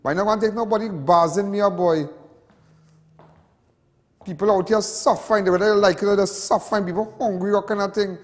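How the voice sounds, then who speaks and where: A man's voice: sits high, fairly even intonation, a little fast, long pauses, in a large hall. A Trinidadian man hosting a TV show, talking in an emotional, rambling monologue full of repetition and local slang. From Trinidad and Tobago. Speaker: TV show host. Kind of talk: impassioned on-air monologue.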